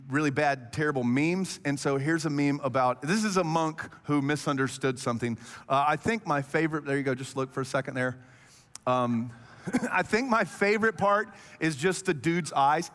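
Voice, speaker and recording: A man in his thirties preaching a sermon, telling stories with animated energy and speeding up when he gets excited. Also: on the high side, in a large hall. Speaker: pastor.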